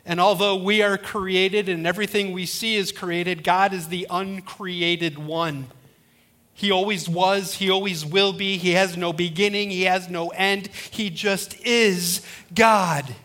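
Male pastor, middle-aged, a bit high-pitched, storytelling sermon, slips into character voices. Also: fairly even intonation, unhurried, sharp tone. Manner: storytelling preacher, acts out quoted voices.

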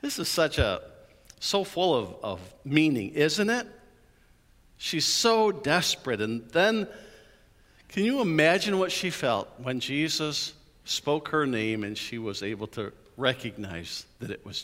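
A man's voice: fairly high pitch, big pitch swings, normal speed, fairly bright tone. A man preaching an Easter sermon in a church, telling the story with animation and playful asides. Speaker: pastor. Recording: hall reverb.

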